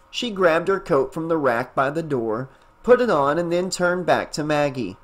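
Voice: medium pitch, a little slow. Enthusiastic audiobook narrator and host. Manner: enthusiastic, chatty, with fillers in the wrap-up. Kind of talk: reading a fan novel aloud, then casual chat.

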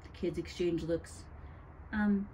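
Woman, storyteller, spooky story narration, mellow, steady. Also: fairly low pitch, normal speed, a little hiss or hum, poor audio. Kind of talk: reading a spooky story aloud.

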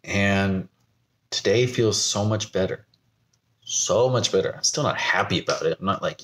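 Young guy from the us vlogging, kinda rambly and candid, chuckles at himself, lowish voice. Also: moderate pace, fairly bright tone, slight background noise. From United States. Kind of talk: personal talk to camera.

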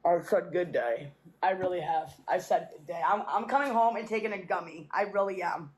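A woman's voice: on the low side, moderate pace, slight background noise. A young woman filming a casual vlog, talking to her cat in a coaxing, repetitive baby-talk manner.

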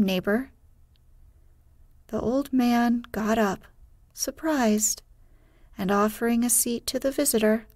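Slow, hushed woman reading bedtime stories. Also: mid-range voice, no room sound, clean studio sound. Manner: hushed, partly whispered, unhurried reading. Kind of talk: soft sleep-story narration.

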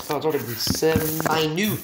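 A man giving live gameplay commentary as he plays, frustrated, self-mocking and swearing a lot. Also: a little high. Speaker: gamer streamer. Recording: echoey room with background noise and keyboard clicks.

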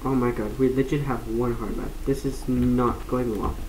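A young woman casually commenting on her gameplay, chatty and excitable, often laughing and shrieking. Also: very deep voice, moderate pace, echoey room, noisy background. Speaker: gaming streamer.

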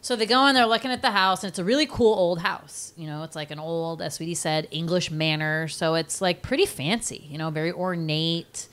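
A woman's voice: lowish voice, fairly quick, hardly any pauses, a bit bright. A woman co-hosting a podcast, recapping a movie plot in a rambling, casual way with lots of fillers. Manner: rambling, filler-heavy storytelling. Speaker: podcast co-host.

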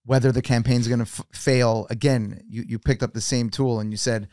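A man hosting a podcast, asking measured interview questions and summarizing what his guest has said. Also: medium pitch, steady tone, a little mellow, no room sound, studio quality. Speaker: podcast host.

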